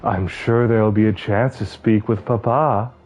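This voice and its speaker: A man doing a deep-voiced big buff cat woman. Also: steady tone, normal speed, a little mellow, lightly acted. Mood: earnest. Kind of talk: voicing game cutscenes on stream. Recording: slightly muffled with game music.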